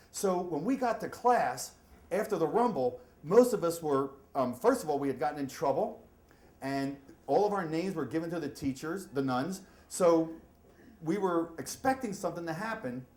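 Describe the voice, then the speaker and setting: A middle-aged man telling a story live on stage, acting out shouts and voices as he goes. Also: sits high. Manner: animated, acts out shouts and voices. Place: storytelling event venue. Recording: echoey room, faint ambience.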